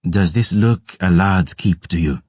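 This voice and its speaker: A man's voice: low voice, measured pace, a little mellow, no echo, studio quality, voice pushed up. A man voicing a cheeky young tavern maid, curt and sassy, for an audiobook. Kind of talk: audiobook character voice.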